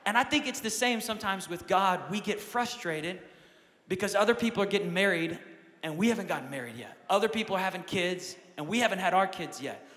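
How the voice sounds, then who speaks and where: A young man preaching a lively sermon as pastor, swinging from quiet asides to loud shouts. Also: high voice, a little fast, big-room sound. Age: young adult.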